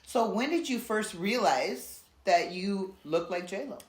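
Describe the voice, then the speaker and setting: A woman hosting a casual interview who asks short questions and keeps the talk going with quick encouraging replies. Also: mid-range voice, animated. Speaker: podcast host. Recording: roomy echo.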